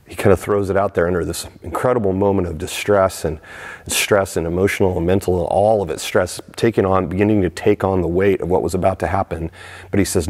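Lower-voiced male pastor preaching. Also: brisk. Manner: animated, rising in pitch when acting out crowd lines. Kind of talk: sermon.

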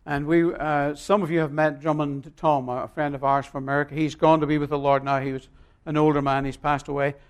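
A male pastor preaching a sermon, emphatic and swinging between loud and quiet, telling stories with long pauses. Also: fairly high pitch, flat delivery, smooth.

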